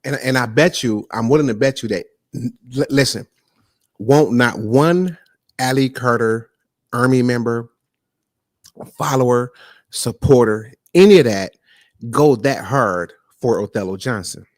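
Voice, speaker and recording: A man's voice: medium pitch, a little slow, dry recording, studio quality. A man hosting a live talk stream, speaking casually and emphatically, often repeating words. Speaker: host.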